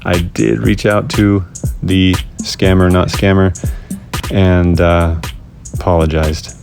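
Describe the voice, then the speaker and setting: Male vlog host, deep voice, dry self-deprecating jokes, faint music underneath. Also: little pitch movement, takes it slowly, gravelly. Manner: wry, self-mocking humor. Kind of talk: casual scripted vlog narration.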